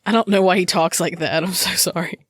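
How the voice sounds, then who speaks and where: Woman, lowish voice, sarcastic, blunt, podcast co-host, dry sound. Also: fairly even intonation, fairly quick, no room sound. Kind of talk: casual true crime chat.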